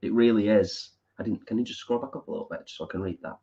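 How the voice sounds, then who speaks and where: A man's voice: on the low side, fast talker, mellow. Chatty man, dull lo-fi audio. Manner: chatty, reads out viewer comments. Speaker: co-host of a live stream. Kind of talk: casual live-stream chat.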